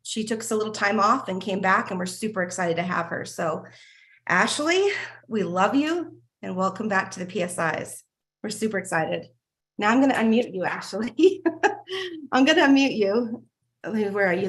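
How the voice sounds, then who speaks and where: A woman's voice: medium pitch, expressive, moderate pace. Gushing woman hosting a video call. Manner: warm, gushing, laughs often, restarts sentences. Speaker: host of a members' video call. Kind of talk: casual group video call.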